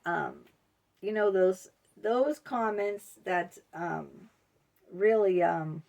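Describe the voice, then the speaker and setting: A woman talks casually to camera as a vlogger, wandering through her points with frequent ums and you-knows. Her voice sits mid-pitch with a gravelly fry. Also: extremely slow, a little mellow, lo-fi sound.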